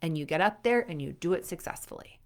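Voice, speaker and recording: A woman's voice: fairly low pitch, animated, quick pace. A young adult woman coaching athletes in a casual, chatty way, full of fillers and acted-out inner thoughts. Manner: chatty, frequent "like" fillers, acts out inner voices. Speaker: performance coach.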